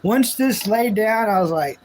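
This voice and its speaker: Slow-talking high-voiced man streamer. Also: animated, a little mellow, a little hiss or hum, low-quality recording. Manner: rambling, jokey, self-mocking. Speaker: live streamer. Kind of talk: casual live-stream chat with viewers.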